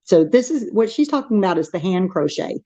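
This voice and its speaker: A woman's voice: medium pitch, very animated, a little fast, warm tone, no room sound. A middle-aged woman with a Texan accent, hosting a casual craft livestream, chatting and reading the chat aloud with frequent laughs. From Texas. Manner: chatty, laughs often, rambling restarts.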